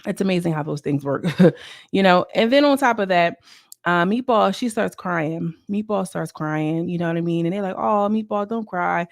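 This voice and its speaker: A woman's voice: fairly low pitch, expressive, moderate pace, dry recording, clean studio sound. A woman giving a casual, chatty recap of a reality show episode, talking straight to her viewers with emphatic slang and frequent asides. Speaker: reality TV reviewer.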